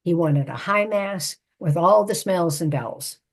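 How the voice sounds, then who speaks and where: An older woman, a psychotherapist and author, telling a personal family story in a measured, reflective way. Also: lowish voice.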